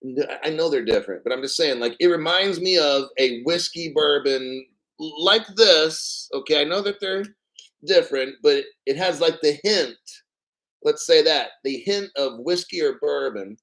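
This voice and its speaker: A man's voice: on the high side, expressive, normal speed, a bit bright, rough recording. Rambling, profane man hosting a livestream. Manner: rambling and profane, clears throat often. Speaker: crypto livestream host. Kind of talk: casual livestream chat.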